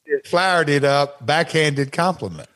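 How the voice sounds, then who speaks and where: An older man with a Southern accent, co-hosting a casual wrestling podcast, rambling and jokey in a gruff way. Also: a little high, lively intonation, moderate pace, fairly bright tone.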